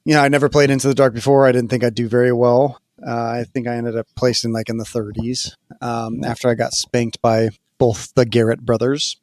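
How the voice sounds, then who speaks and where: A man co-hosting a casual gaming podcast, telling stories in an animated way with plenty of fillers and laughs. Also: medium pitch, a little fast, few pauses, no room sound, studio quality. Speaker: podcast co-host. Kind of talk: casual chat.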